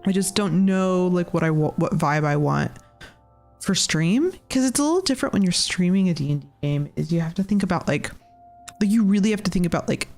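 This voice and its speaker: A woman's voice: lowish voice, lively intonation, fairly quick, darkish tone, faint music behind. Rambling woman chatting while she paints. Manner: rambling, thinking aloud, many "like" fillers. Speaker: artist and cast member drawing on a live stream. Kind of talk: casual live-stream chat while painting.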